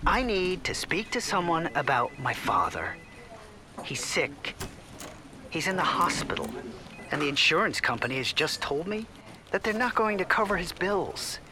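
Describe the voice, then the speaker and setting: A woman's voice: fairly low pitch, big pitch swings, normal speed, background noise, voice pushed down. A woman voicing an exasperated male caller, frustrated and complaining. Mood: worried.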